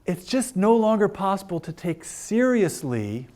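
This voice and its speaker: A man's voice: sits high, big pitch swings, a little slow, dark tone. A man giving an informal philosophy lecture to a class of older adults, chatty and joking with frequent fillers. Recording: lecture room.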